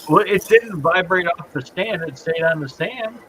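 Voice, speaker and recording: A man's voice: sits high, lively intonation, moderate pace, sharp tone, rough recording. A man co-hosting a casual live stream, teasing the others and laughing at his own stories. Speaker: co-host.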